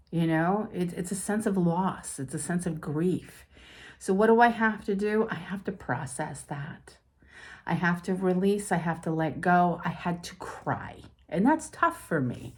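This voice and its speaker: A woman's voice: fairly low pitch, a little slow. A middle-aged woman, a spiritual life coach, talking candidly and confidingly through her own feelings. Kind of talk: personal talk to camera.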